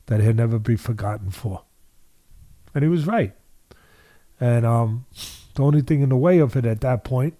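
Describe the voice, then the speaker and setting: This older boxing trainer, warm-toned and mid-range, shares interview stories with emphasis, circling back to the same phrases to give them weight. It's a dry recording.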